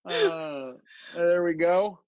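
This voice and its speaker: A man's voice: high voice, big pitch swings, very slow, vocal fry, darkish tone, no room sound, muffled recording. A man talking as a podcast guest over a video call, casual, joking and playful, with lots of fillers. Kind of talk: casual chat.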